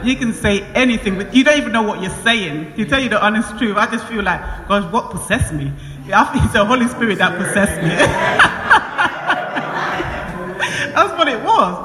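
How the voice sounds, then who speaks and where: A woman giving a church testimony, telling her story in an animated way, laughing often and acting out conversations. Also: medium pitch, a little fast, few pauses, a crowd in the background. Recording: echoey hall with long reverb.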